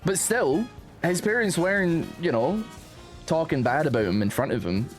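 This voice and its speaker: A man, streaming and chatting casually, rambling and animated, often calling his viewers "man". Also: on the high side, moderate pace, soft background music. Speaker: streamer reacting to posts.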